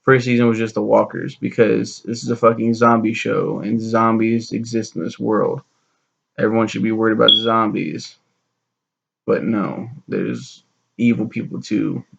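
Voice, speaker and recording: A man's voice: on the low side, level tone, normal speed, creaky, a bit bright, husky, dull audio. A young man rambling through a sarcastic, profane recap of a TV show, acting out the characters' lines as he goes. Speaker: show reviewer.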